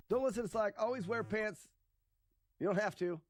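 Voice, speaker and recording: A man streaming a retro game, giving animated live commentary that is joking and peppered with swearing. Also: sits high, normal speed, long pauses, faint music behind.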